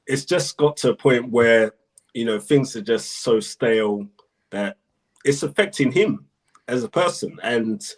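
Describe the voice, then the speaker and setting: A man at mid pitch arguing his side on a casual football podcast. He speaks earnestly and says the same phrase over and over to drive a point home. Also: darkish tone. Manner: earnest, talks in repeated phrases. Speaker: podcast panelist.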